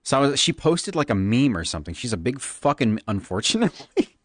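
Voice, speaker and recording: A flamboyant man chatting on stream, a little tipsy and slipping into a Valley Girl lilt. His pitch swoops up and down with a lot of life, and the sound is dry and close, with no room echo. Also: fairly quick. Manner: flamboyant, animated. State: tipsy from drinking. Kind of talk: casual stream chat.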